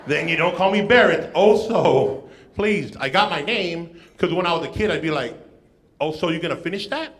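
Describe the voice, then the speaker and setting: A man's voice: a little high, expressive, normal speed, noisy background. A man doing a stand-up comedy set on a club stage, playful and self-mocking with punchy jokes. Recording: echoey club room.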